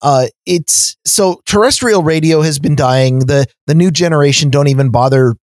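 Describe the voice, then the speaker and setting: A man's voice: a little high, normal speed, a little mellow, dry recording. A man co-hosting a podcast, ranting in a casual chat with many fillers and restarts. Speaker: podcast co-host.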